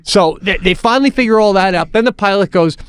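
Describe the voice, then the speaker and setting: A man co-hosting a podcast, telling a casual story in an animated way, swearing and restarting his sentences. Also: high voice, fast, smooth. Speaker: podcast co-host.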